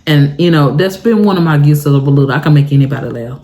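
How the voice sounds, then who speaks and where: A woman telling a personal story for her vlog in a casual, animated way, talking straight to her viewers and jumping high in pitch for emphasis. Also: fast talker. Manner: colloquial, talks straight to viewers. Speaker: storytime vlogger.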